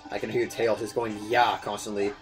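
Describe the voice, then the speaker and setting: A young man giving casual gameplay commentary, fast-talking, swearing, often stumbling over words. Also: lowish voice, level tone, soft background music. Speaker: let's player.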